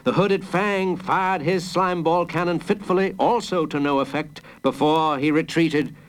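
A man reading a children's adventure story aloud in an expressive, dramatic way. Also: a little high, a little slow, low-quality recording. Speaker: narrator.

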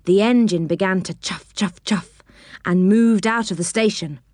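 A woman reading a children's story aloud in an expressive storytelling manner. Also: medium pitch, measured pace, dry recording, studio quality.

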